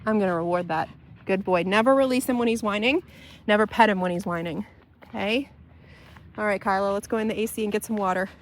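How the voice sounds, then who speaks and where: A woman dog trainer working a dog outdoors, calmly explaining her methods between sharp raised commands. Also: medium pitch, quick pace.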